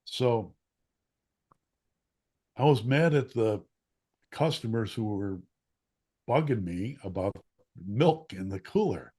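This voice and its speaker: A man telling a childhood story in casual conversation, animated and acting out quotes, with occasional coughs. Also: lowish voice, slow pace, pauses often, husky. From Chicago area. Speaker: guest, former newspaper columnist.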